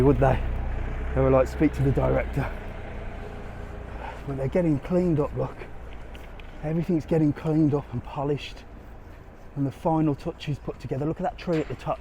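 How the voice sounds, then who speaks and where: A man's voice: mid-range voice, dark tone, a little hiss or hum. A man talks to his viewers on a live walking tour. His tone is chatty and easygoing, and he sounds a little winded. He speaks into a handheld phone outdoors. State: slightly out of breath from walking. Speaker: travel vlogger. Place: outdoors on a busy resort street.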